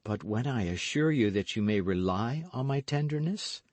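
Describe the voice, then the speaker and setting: A man reading an audiobook voices a cold, scheming noblewoman who coaxes and commands, in a soft, measured way. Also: mid-range voice, lively intonation, no echo, lightly acted.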